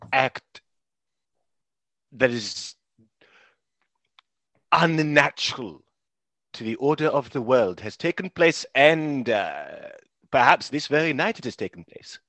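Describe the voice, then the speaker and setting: A man voicing an old woman druid who speaks calmly and unhurriedly, with musing pauses. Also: mid-range voice, no echo, full character voice.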